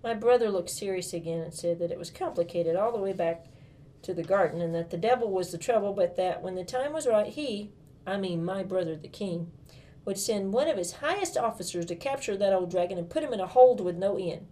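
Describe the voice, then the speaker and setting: A woman's voice: medium pitch, expressive, fairly quick, mellow, slight background noise. A woman reading a first-person storybook as a young girl, in a bubbly, gushing manner full of childlike enthusiasm.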